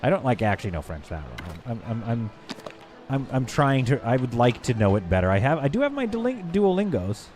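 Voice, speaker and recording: Faint music plays behind a medium-pitched, very animated man with a darkish tone who's live-streaming a game. He rambles and jokes with viewers, stumbling through halting bits of French and correcting himself.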